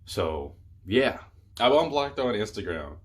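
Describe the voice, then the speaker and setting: A man's voice: fairly low pitch, very animated, measured pace. A young man telling a rambling, exasperated storytime on his vlog, full of fillers. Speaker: YouTuber.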